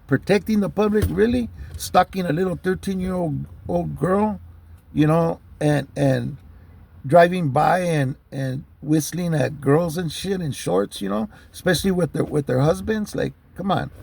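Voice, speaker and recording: A man's voice: a little high, unhurried, creaky, darkish tone, husky. A man telling personal stories in a heated, profane, rambling way. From Southern California. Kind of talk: casual storytelling monologue.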